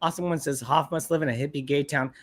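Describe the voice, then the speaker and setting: A man from Ohio co-hosting a casual livestream, ranting with crude language and lively swings in pitch. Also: quick pace. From Ohio, USA. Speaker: podcast co-host.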